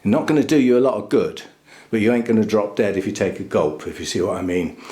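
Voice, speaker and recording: A man's voice: fairly low pitch, fast, dark tone. A man giving a casual, chatty walkthrough inside a small greenhouse, chuckling at his own jokes and talking into a handheld camera mic. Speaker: orchid grower vlogger.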